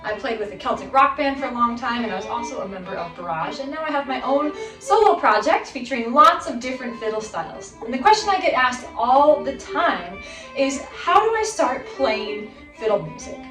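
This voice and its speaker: A woman in her thirties teaches a fiddle lesson in an upbeat, encouraging way, counting the student in. Her voice sits a little high and is heard from some distance in a roomy space. Her violin plays between her phrases. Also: animated, fairly quick, fairly bright tone, soft background music. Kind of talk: instructional video lesson. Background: her violin playing between phrases.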